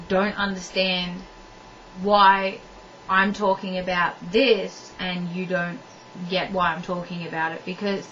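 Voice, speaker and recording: Speaking straight to the camera, a young woman hands out blunt relationship advice and hammers her points home by repeating them. Her voice is medium-pitched and slightly bright. The audio is dull and lo-fi, picked up from a distance with faint background noise.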